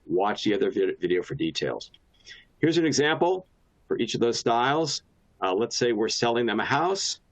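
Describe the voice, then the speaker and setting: A man's voice: medium pitch, big pitch swings, moderate pace. A man presenting a training talk on communication styles in a casual, anecdotal way, with frequent restarts and fillers.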